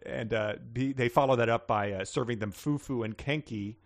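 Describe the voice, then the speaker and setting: A man's voice: mid-range voice, normal speed. A man co-hosting a comedy podcast, rambling and joking as he riffs on a book, laughing often. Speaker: podcast co-host. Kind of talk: casual comedic riffing on a book.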